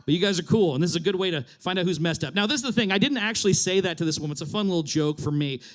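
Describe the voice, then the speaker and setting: A man's voice: high voice, racing. A young man from Reno performing a stand-up set on a theater stage, sardonic and ranting, laughing often. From Reno, Nevada. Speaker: comedian. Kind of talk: stand-up comedy.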